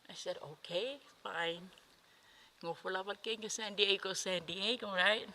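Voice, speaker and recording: A woman's voice: medium pitch, steady tone, measured pace, sharp tone, a little hiss or hum. An older woman speaking at her husband's memorial, unpracticed, searching for dates and thanking people. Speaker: widow giving a memorial speech. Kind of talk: memorial speech. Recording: reverberant hall.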